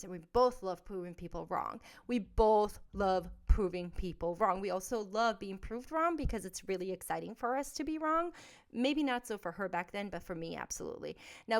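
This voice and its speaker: A woman hosting a podcast, telling a personal story in a candid, blunt and emphatic way, moving between soft asides and loud outbursts. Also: mid-range voice. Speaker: podcast host.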